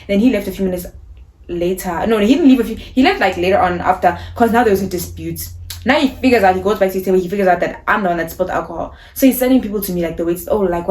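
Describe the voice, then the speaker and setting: A young woman from South Africa tells a storytime vlog in an animated, indignant way. She acts out what the other people said as she goes. Her voice sits at an ordinary middle pitch. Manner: animated, indignant retelling with quoted dialogue. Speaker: vlogger.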